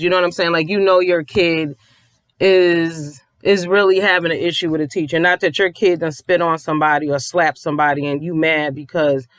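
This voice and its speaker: A mother telling a long story in a casual rant, profane and animated, acting out the people she quotes. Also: low voice, dry recording.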